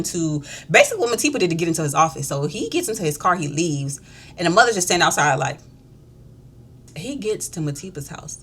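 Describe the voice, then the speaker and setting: Casting: a chatty, slangy woman with a low voice, giving a gossipy recap with a faint rumble behind. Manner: chatty, gossipy, slangy, acts out the characters' lines. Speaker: beauty vlogger. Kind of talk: casual chat recapping a show.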